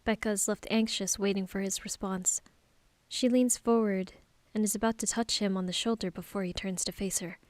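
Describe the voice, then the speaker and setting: A woman narrating a story in an audiobook with a steady, expressive reading. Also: mid-range voice, moderate pace, dry recording.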